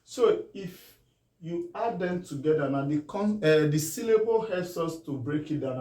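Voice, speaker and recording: A man with a Nigerian English accent teaches spelling, sounding words out slowly and often asking whether it is clear. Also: a little high, lively intonation, dark tone. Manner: drawn-out syllable-by-syllable pronunciation. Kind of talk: spelling lesson. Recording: echoey room from far off.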